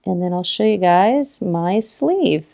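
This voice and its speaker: A woman's voice: on the low side, lively intonation, takes it slowly, vocal fry, warm tone. A woman hosting a casual crochet tutorial, talking through each step, counting stitches aloud and encouraging viewers with frequent laughs.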